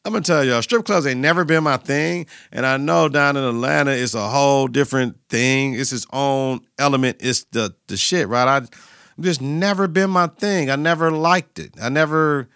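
Bright-voiced man recapping a TV episode. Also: medium pitch, moderate pace, clear, resonant tone, no echo, studio quality. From Milwaukee, Wisconsin. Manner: animated retelling, acting out characters' lines with laughs. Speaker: podcast host.

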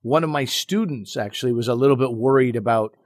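During a casual podcast conversation, a man who teaches comedy speaks in a relaxed, reflective way, dropping in frequent "you know" asides. His voice is mid-range and brisk, recorded at studio quality with no echo.

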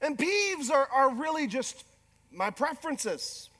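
A middle-aged male pastor preaching a sermon with animated, self-deprecating humor. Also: extremely high pitch, slow pace. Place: large church hall. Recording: long hall reverb.

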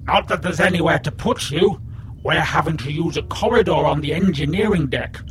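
A man's voice: a little high, brisk, fairly bright tone, a little hiss or hum, natural voice. A man playing an overworked, tired male alien doctor with tendrils, apologetic and matter-of-fact. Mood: weary.

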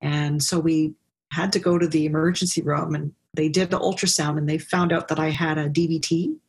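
A woman interviewed as a business founder, telling her story in an animated way and acting out what people said. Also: low-pitched, fairly quick, slightly rough. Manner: animated storyteller, laughs often, acts out quotes. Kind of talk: conversational interview.

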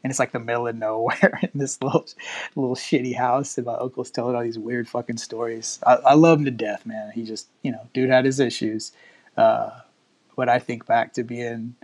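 A man's voice: mid-range voice, normal speed. Profane man telling a rambling story. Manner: profane, rambling, animated, quotes others in voices. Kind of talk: casual storytelling.

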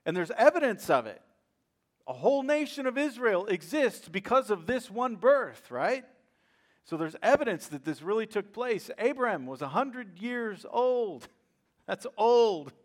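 A man preaching a sermon as a pastor, telling a story in a lively way and often checking in with "right?". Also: sits high, moderate pace. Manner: acts out quoted voices with bursts of laughter.

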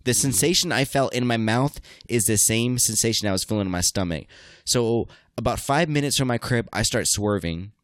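Guy hosting a podcast, mid pitch, swears a lot, tells a gross story all animated, dry close sound. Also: normal speed, no room sound. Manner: crude, profane, animated storytelling. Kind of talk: casual chat, storytelling.

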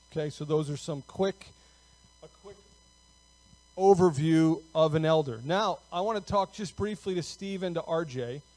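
High-pitched guy pastor preaching, chatty style, lots of "okay?", dry close sound. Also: darkish tone, no room sound, rough recording. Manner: conversational, with frequent fillers and "okay?" check-ins. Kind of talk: sermon.

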